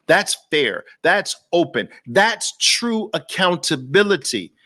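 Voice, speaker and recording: A man's voice: on the high side, sing-song, slow, sharp tone. A man with a Brooklyn accent hosting an impassioned, preachy talk to camera, hammering points home through repetition. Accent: New York, Brooklyn. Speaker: host.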